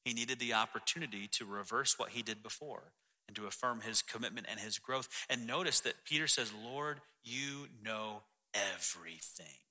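A man preaching a sermon as the pastor, reading scripture passages in a lower, softer voice. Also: a little fast. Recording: long hall reverb.

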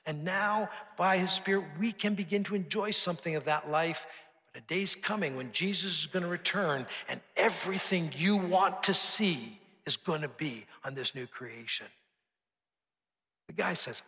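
A man's voice: a little high, moderate pace, pushed and bright. A man preaching a sermon, telling a story earnestly and building emphasis through repeated phrases. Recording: long hall reverb.

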